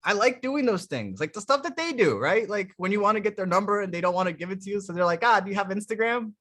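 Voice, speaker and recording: Give me a man coaching live in a blunt, animated, profane way, his voice sharp and on the higher side. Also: fast talker. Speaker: dating coach.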